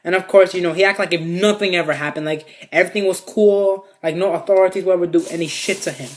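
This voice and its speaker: A man's voice: sits high, steady tone, quick pace, background noise. Rambling, foul-mouthed young man. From Mexico. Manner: rambling, heavy swearing, many fillers. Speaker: vlogger. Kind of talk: casual storytime.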